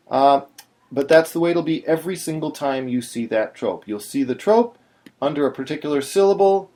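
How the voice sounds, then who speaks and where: In a mid-range voice with a darkish tone, a man teaches patiently in a screen-recorded tutorial, explaining things and occasionally breaking into short sung syllables.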